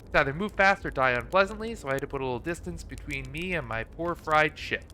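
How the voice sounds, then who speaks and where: A man reading out a laid-back, folksy alien pilot from a space exploration game, stranded and unbothered, trading in dry jokes. The voice sits a little high and sounds bright and forceful. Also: animated, fast, a little hiss or hum. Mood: wry. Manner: folksy, dry humor, read aloud from on-screen dialogue. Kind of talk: reading game dialogue aloud.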